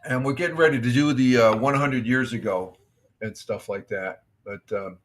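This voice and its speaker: A man's voice: mid-range voice, moderate pace. Middle-aged male streamer, casual chat host, friendly rambling delivery, reads chat aloud, lots of restarts. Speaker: livestream host. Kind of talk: casual morning livestream chat.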